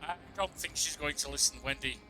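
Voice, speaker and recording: A man's voice: a little high, fairly quick, sharp tone. A man playing a role-playing game, reading its narration and text aloud plainly with small stumbles. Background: game music.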